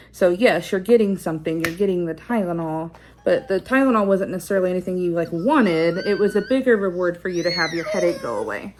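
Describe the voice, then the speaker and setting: A woman with a somewhat low voice talks straight to the camera in a relaxed vlog. She muses out loud, restarts her sentences and pads them with fillers. She checks in with her listeners as she explains. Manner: reflective and rambling, with many fillers and restarts; explains like a teacher, checking in with "okay?" and "right?". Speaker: parenting vlogger. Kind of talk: casual talk to camera.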